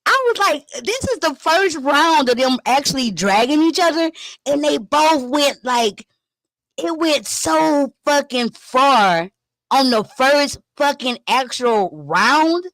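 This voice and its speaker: High-voiced woman streamer, animated and profane. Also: slow pace, dry recording. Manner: animated, profane, dramatic retelling with gasps and laughs. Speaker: YouTube commentary host. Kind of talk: casual live-stream commentary.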